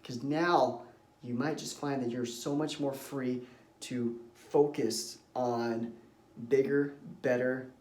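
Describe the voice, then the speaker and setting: A man's voice: medium pitch, fairly even intonation, slow, darkish tone, echoey room. A man who works as a confidence coach gives an earnest, reflective self-help talk and shares personal stories.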